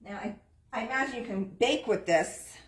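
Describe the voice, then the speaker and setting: With a voice on the high side at normal speed, a woman hosts a live online sale from an antique shop. She chats her way through the goods and their prices amid a roomy echo.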